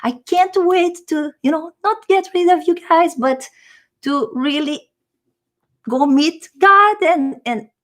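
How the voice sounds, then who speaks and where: A woman voicing an elderly, dying grandmother who gushes with excitement. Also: extremely high pitch, slow pace, voice pushed up, heavily acted. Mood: giddy.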